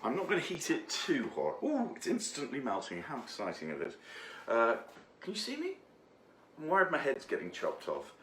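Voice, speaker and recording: Male home baker, chatty and self-mocking, middle pitch, in a roomy kitchen. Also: huge pitch swings, brisk, a bit bright, slight background noise. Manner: rambling and jokey, with many fillers. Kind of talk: chatty cooking demonstration. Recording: echoey room.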